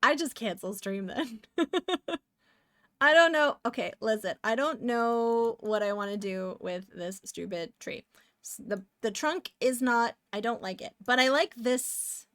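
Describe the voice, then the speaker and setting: A young woman from Canada chatting casually on a live stream while she draws, rambling and breaking into excited exclamations. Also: a little high, measured pace, no room sound, studio quality.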